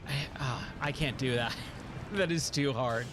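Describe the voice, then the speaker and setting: A tired, hoarse man chatting casually while live-streaming a game, rambling and repeating words. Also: mid-range voice, unhurried, background noise.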